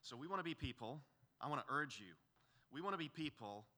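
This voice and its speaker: A man's voice: medium pitch, lively intonation, a little fast, sharp tone. A man preaching an expository sermon as pastor, earnest and pleading, building to emphatic peaks.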